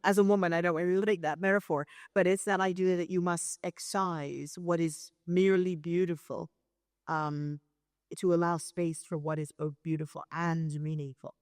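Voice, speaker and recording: A woman's voice: on the low side, fairly even intonation, normal speed, darkish tone, no room sound. Woman theatre director explaining, dry sound. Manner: thoughtful, explanatory, hesitant at times. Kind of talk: on-stage conversation.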